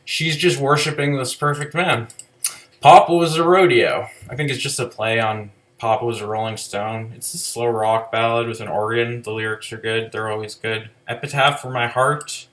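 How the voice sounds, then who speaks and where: A man talking through an album track by track in a loose, casual way. He rambles, leans on "like" constantly and swears offhandedly. His voice sits at an ordinary middle pitch. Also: fairly even intonation, normal speed, a bit bright. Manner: rambling, many "like" fillers, loose profanity. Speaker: album reviewer. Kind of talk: casual spoken music review.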